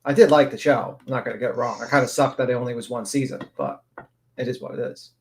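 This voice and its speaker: Rambling, thoughtful man, casual stream talk, mid pitch. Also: quick pace, darkish tone, slight background noise. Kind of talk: casual live stream chat.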